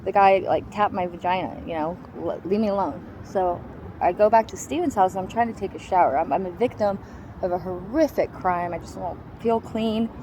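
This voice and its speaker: A woman's voice: mid-range voice, normal speed, dark tone, a little hiss or hum, poor audio. Blunt, foul-mouthed woman telling her story. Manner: blunt, heavily profane, emphatic. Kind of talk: raw personal testimony.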